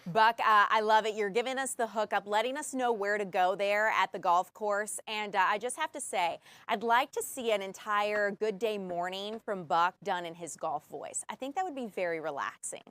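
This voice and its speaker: A woman anchoring a live news show, bantering warmly with a field reporter before moving to the next story. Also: mid-range voice, normal speed, few pauses.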